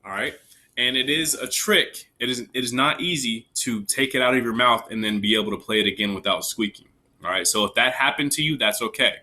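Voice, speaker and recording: A man's voice: mid-range voice, a little fast, sharp tone. A man teaching young children a recorder lesson, patient and encouraging, counting the beats aloud with them. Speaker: elementary music teacher. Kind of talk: recorded online music lesson.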